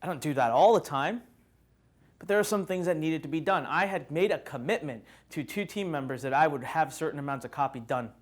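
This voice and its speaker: High-pitched guy at a live workshop, animated motivational talk, acts stuff out and jokes around. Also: brisk. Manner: animated storytelling, acts out scenes, jokes with the audience. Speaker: motivational speaker.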